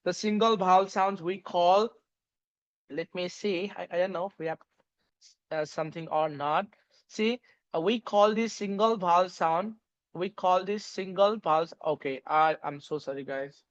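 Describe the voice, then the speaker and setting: The sound is lo-fi as a teacher with a medium-pitched voice unhurriedly leads an online pronunciation lecture. The English words are spelled letter by letter, and the talk is full of fillers and false starts.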